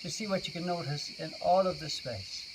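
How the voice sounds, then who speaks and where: A man teaching yoga and meditation to children, guiding them gently and playfully. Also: a little high, brisk. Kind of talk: guided kids' yoga and meditation. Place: outdoors. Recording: distant mic, outdoor noise.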